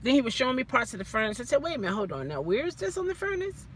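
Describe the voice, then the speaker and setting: A woman telling a story casually as a vlogger, animated, acting out the people she quotes. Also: a little high, very fast, husky.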